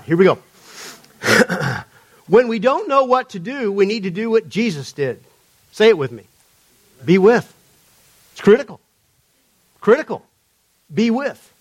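A man's voice: high-pitched, sing-song, moderate pace, pauses often. A man preaching a sermon to a live congregation in a conversational, humorous storytelling manner. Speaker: pastor. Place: church before a live congregation.

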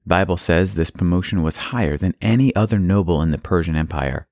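A man narrates a children's Bible story with plain telling and playful asides. His voice is very low, and the recording is dry and close. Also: brisk, darkish tone, no echo.

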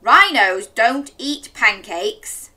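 A woman voicing a loud, disbelieving father in a children's storybook reading. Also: extremely high pitch, sing-song, measured pace, voice pushed up, heavily acted. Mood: scoffing.

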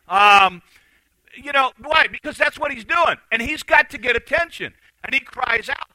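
A man preaching a sermon, telling a story with animated delivery and acting out the voices of the people in it. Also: very high-pitched, quick pace, dry recording, poor audio. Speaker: pastor.

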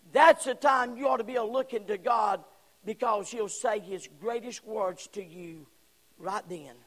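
Male pastor, very high voice, fiery shouting sermon with hushed drops, long church reverb. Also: measured pace. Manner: fiery preaching, swings from shouts to hushed tones. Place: church sanctuary.

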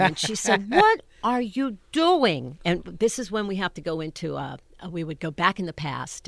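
An older woman, a stage actress, telling funny backstage stories in an animated, laughing way that keeps interrupting itself. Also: sits low, gravelly, dry recording. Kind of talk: anecdotal storytelling.

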